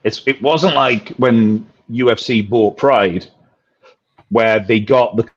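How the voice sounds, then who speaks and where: This man speaks with a husky, slightly breathy voice and a hard-to-place accent that falls between British and American. He talks at a middle pitch in loose podcast chat, wandering through his points and swearing freely. The sound is muffled and lo-fi. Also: slow pace. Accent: mixed British-American. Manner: rambling, frequent restarts, blunt profanity. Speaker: podcast panelist.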